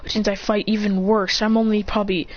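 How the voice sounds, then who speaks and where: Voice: mid-range voice, level tone, fast talker. A casual storyteller who rambles through a fan story, often restarting sentences and acting out the characters' lines. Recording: dull lo-fi recording with faint hiss.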